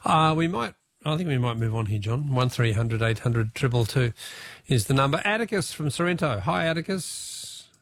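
A man with an Australian accent hosting a talkback radio quiz, chatty and jovial with quick laughs. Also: mid-range voice, expressive, dry recording, clean studio sound.

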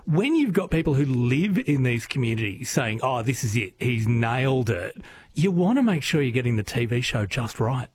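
A man's voice: medium pitch, sing-song, normal speed, slight background noise. A man hosting a casual interview, enthusiastic and chatty. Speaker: radio host.

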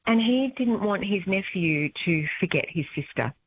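Enthusiastic actress on a tinny phone line. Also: female voice, mid-range voice, expressive, moderate pace, a little hiss or hum. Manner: enthusiastic, chatty, warm about her work. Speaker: stage actress being interviewed. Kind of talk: casual phone interview.

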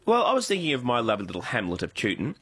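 A man's voice: medium pitch, huge pitch swings, very fast, a bit bright, slightly rough. An Australian man co-hosting a casual radio chat, enthusiastic and jokey. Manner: enthusiastic, jokey, talks up local history. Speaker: radio co-host.

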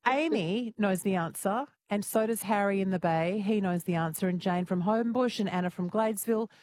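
A woman's voice: medium pitch, fairly quick, darkish tone. An Australian woman hosting a talkback radio quiz, playful, teasing and chatty with callers.

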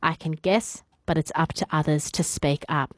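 A woman's voice: low voice, steady tone, moderate pace, dry recording. A woman with an Australian accent hosting morning talkback radio in a studio, chatty as she reads out listener messages. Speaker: radio host.

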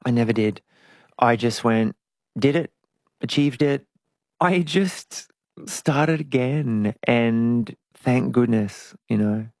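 A middle-aged woman speaks candidly in an interview, with a gravelly edge to her voice. She is reflective and sometimes lively, and the recording is dry and close. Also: rumbling low, takes it slowly, no room sound. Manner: frank and reflective, animated at times. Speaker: interview guest, singer.

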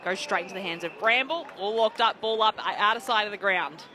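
Bright Australian play-by-play caller. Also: male voice, high-pitched, a faint crowd, a little hiss or hum. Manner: brisk, measured calling. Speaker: play-by-play commentator. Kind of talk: play-by-play sports commentary.

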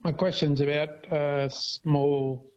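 A man's voice: on the high side, fairly even intonation, slow pace, a little mellow. A man calling into a radio show, polite and a bit hesitant. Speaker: caller. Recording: dull phone line.

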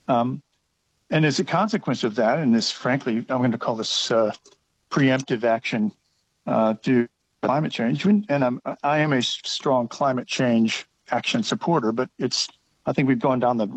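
A man's voice: medium pitch, no echo, rough recording. A man with an Australian accent calling in to talk radio, making his points earnestly and stumbling over some words. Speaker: caller. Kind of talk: call-in radio opinion.

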